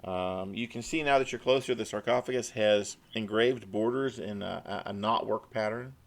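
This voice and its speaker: Gravelly low Midwestern man as game master. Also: moderate pace. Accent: Midwestern American. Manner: descriptive, with frequent restarts and fillers. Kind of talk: narrating an online tabletop game.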